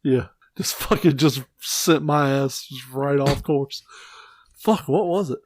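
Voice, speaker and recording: A man's voice: medium pitch, no echo, studio quality. A man co-hosting a podcast in casual chat, swearing freely and joking about himself. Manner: profane, self-deprecating, quick back-channel replies. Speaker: podcast co-host.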